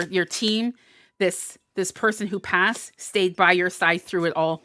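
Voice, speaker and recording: A woman's voice: fairly low pitch, bright, forceful tone, clear, resonant tone, no room sound. A woman giving a live tarot reading, emotional and encouraging, often laughing. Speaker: tarot reader. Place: indoors, live stream.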